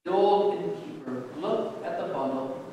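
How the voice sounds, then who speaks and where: Man reading a story aloud, gentle and measured, high voice, distant echoey church hall, faint background hum. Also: animated, lo-fi sound. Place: church sanctuary.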